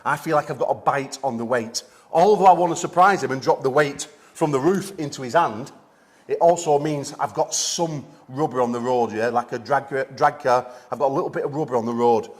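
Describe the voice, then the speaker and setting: A man coaching arm wrestling in a gym seminar, a little out of breath, energetic and checking in with "okay?" often. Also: mid-range voice, a little fast. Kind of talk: instructional seminar demonstration.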